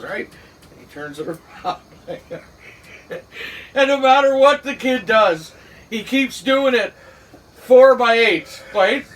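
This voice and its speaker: A man with a Cape Breton accent telling a funny work story in casual chat, laughing and shouting the quoted lines. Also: very high-pitched. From Cape Breton, Canada. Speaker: podcast host. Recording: distant mic with faint background noise.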